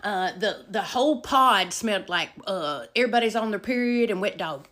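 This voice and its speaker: A middle-aged woman telling a casual storytime, animated, with loud emphasis and hushed asides. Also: medium pitch, moderate pace.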